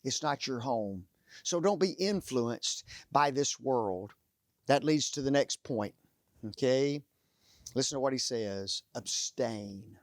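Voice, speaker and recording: A man preaching a sermon, telling stories and pausing to let the audience fill in the blanks. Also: medium pitch, no room sound, studio quality. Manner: animated storytelling.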